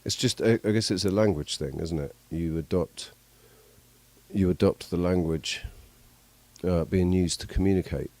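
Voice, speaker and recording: Man, casual host chat, rambling, halting, deep voice, dry sound. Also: darkish tone, dry recording.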